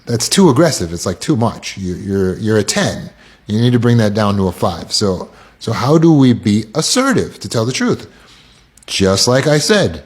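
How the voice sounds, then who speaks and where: Low-voiced man teaching assertiveness. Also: big pitch swings, moderate pace, husky. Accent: American. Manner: acts out quoted lines in shifting voices. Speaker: self-help teacher. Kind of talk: casual instructional talk.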